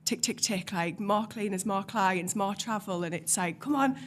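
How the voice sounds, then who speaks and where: A woman's voice: medium pitch, fairly even intonation, moderate pace, slight background noise. A young woman from North East England with a North East English accent, a podcast guest in casual chat who swears freely and acts out her own past lines.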